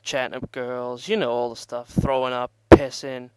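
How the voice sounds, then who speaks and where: A man's voice: mid-range voice, little pitch movement, normal speed, slight background noise. A young man telling a rambling, profane party story in casual vlog style and laughing at himself. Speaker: vlogger.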